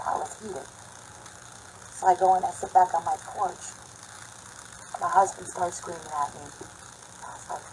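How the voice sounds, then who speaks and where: Lower woman vlogger, conversational and emphatic, addressing viewers directly. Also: fairly even intonation, normal speed, pauses often, darkish tone, slight background noise, poor audio. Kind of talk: casual monologue to camera.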